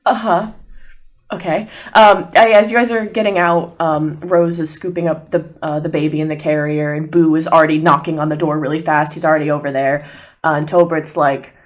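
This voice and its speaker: A woman's voice: sits low, steady tone, normal speed. A woman narrating as game master of a tabletop game, loose and chatty with frequent laughs.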